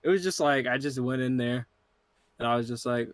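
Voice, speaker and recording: A man's voice: mid-range voice, fairly quick, no room sound. A young man chatting casually with a friend over a game, laid-back and swearing as he tells a story. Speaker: co-player. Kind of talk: casual chat while playing a game.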